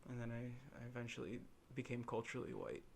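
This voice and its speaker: A man's voice: mid-range voice, fast, gravelly, a little hiss or hum. A young man from Illinois co-hosting a podcast, telling stories in a rambling way with lots of fillers. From Illinois, USA. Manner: rambling, filler-heavy storytelling with animated quoted voices. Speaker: podcast co-host. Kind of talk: casual chat.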